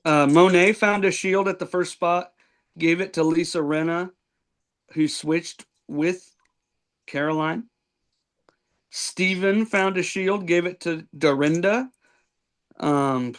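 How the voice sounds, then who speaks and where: Man, podcast host, casual recap chat, filler-heavy, slightly high pitch. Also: takes it slowly, pauses often. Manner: rambling play-by-play recap with many ums and likes.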